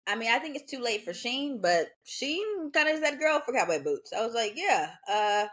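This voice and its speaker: A young woman co-hosting a podcast, talking in relaxed, slangy casual chat and reacting with short replies. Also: fairly high pitch, fairly quick. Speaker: podcast co-host.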